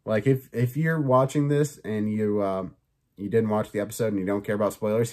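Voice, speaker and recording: A podcast host talks through his review on his own in a loose, chatty way. He is an excitable man with a fairly low voice who leans on fillers and swears casually. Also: fairly quick.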